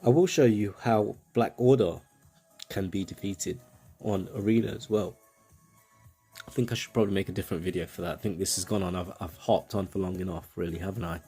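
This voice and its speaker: A man's voice: low-pitched, fairly even intonation, fairly quick, dark tone, husky, faint music behind. A man with a British accent giving casual, rambling commentary on a game, with self-mocking asides.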